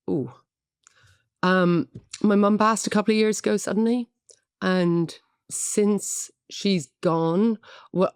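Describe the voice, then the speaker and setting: A woman's voice: mid-range voice, clear, resonant tone, no room sound, studio quality. A middle-aged woman with an Irish accent, a guest actress talking candidly and chattily in a podcast interview, self-deprecating and full of "um"s. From Ireland.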